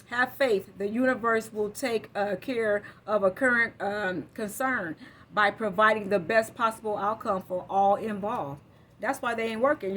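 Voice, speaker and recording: High-pitched woman, tarot reader, blunt and profane, casual phone-recorded reading. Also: fairly bright tone.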